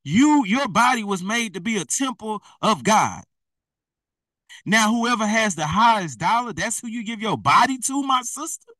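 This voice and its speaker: Guy preaching hard, slangy and blunt, super bright tense voice, pretty far from the mic. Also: high-pitched, lively intonation, normal speed, no echo. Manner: blunt, slangy, exhorting, laughs at himself. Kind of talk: fiery street-style preaching.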